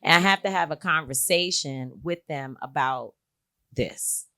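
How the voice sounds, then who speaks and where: Woman, middle-aged, slightly low pitch, frank, earnest, candid personal storytelling, interview guest. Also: measured pace, sharp tone. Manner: earnest, frank, with frequent filler words. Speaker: guest, activist and author.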